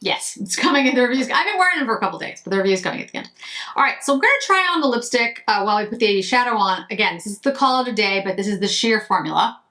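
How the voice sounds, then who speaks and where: A woman's voice: fairly high pitch, expressive, rapid-fire, pushed and bright. A woman beauty vlogger chatting casually to camera while doing her makeup, rambling and breaking off mid-sentence. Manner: chatty, rambling, self-interrupting.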